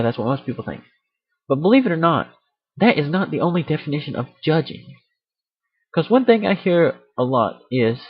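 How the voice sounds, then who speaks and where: Rambling husky-voiced man ranting. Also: fairly high pitch, no echo. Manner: rambling, self-aware, jokey. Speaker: video host. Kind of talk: casual rant vlog. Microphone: computer mic. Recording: dry, dull computer mic audio.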